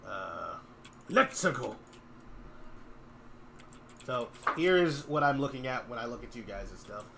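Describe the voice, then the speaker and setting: A man's voice: mid-range voice, animated, moderate pace, vocal fry, noisy background. A man hosting a game development stream, chatting casually and joking while he works. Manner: chatty, thinks aloud, joking. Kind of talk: casual chat while working.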